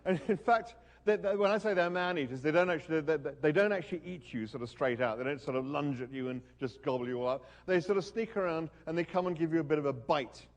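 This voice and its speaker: A man speaking at a university event, telling a story with dry humour and reading from his own text. He hesitates often and restarts his sentences. His voice sits a little high for a man. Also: fast, hardly any pauses. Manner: wry, hesitant, many ums and restarts. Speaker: guest speaker. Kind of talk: lecture with reading aloud.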